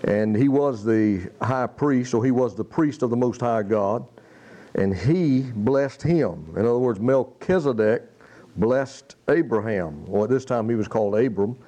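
A man preaching a sermon, reading scripture slowly and then explaining it in plain, emphatic spoken style. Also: medium pitch, dark tone.

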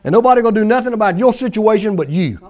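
A man's voice: sits high, lively intonation, very fast, a little mellow. A male pastor preaching a sermon in a folksy, emphatic way, mimicking pleading prayers for effect.

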